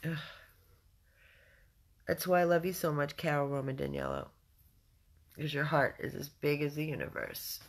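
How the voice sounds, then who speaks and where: A worn-out, sad woman on a phone livestream from a dog rescue. She speaks softly, sighs often and gently coaxes the dogs. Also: low-pitched, gravelly. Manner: soft-spoken, sighing, coaxing the dogs gently. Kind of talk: live-stream chat.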